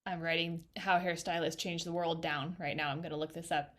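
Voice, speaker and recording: A woman's voice: low-pitched, a little fast. A woman hairstylist in a casual podcast conversation, telling a story with quoted voices acted out, recorded over a video call. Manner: lively storyteller who acts out quoted voices.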